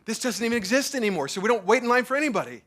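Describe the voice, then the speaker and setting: A male pastor delivers a sermon at a church service, his voice pitched high and bright. He talks in an animated, casual way, stacking fillers and repeating himself as he goes. He sounds like a man in his thirties or forties. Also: very fast.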